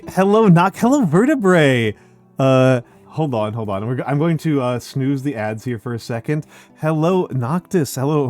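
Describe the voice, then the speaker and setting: A man's voice: mid-range voice, a little mellow. A middle-aged man streaming, chatting casually with his audience, laughing often and using many fillers. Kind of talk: casual live-stream chat.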